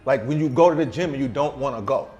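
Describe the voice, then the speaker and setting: A man talks up his vegan cooking with swagger, leaning hard on street slang. He sounds at home in a mid-pitched voice, neither high nor low. Faint music plays behind him in a restaurant. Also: quick pace, lo-fi sound. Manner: boastful, animated, streetwise slang. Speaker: vegan chef and weight loss guest. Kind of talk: casual interview over a meal.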